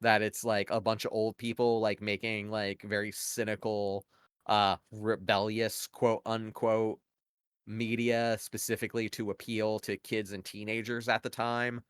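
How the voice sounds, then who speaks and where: A man's voice: lowish voice, little pitch movement, measured pace, a bit bright, clean tone, no echo, clean studio sound. A man co-hosting a podcast, talking casually and at length, arguing his opinions with many "like" and "you know" fillers. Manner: rambling, heavy use of "like" and "you know" fillers; opinionated, argues points at length. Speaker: podcast co-host. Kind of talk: casual conversational analysis.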